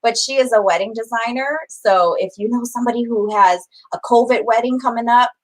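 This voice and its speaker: Chatty woman co-host, bright high voice. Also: brisk, low-quality recording. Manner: chatty, playful, laughs often. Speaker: podcast co-host. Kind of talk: casual chat.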